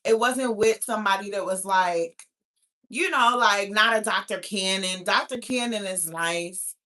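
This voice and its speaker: A woman's voice: medium pitch, unhurried, bright, forceful tone. A woman in her thirties hosting a talk show, chatting casually in a brash, profane, laughing way. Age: 30s. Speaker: podcast host. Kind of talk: casual chat.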